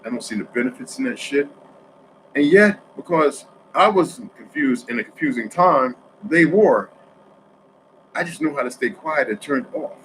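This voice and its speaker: A man from New Jersey talking in a rambling, profane monologue, swinging between loud outbursts and quiet asides. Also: medium pitch, expressive, normal speed, a little hiss or hum, rough recording.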